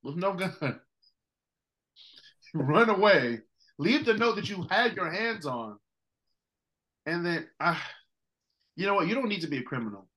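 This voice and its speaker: A man's voice: high voice, a little slow, long pauses, poor audio. A man with a Detroit accent hosting a casual podcast, telling stories with lots of animation and frequent laughter. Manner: animated storytelling, laughs often. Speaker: podcast host.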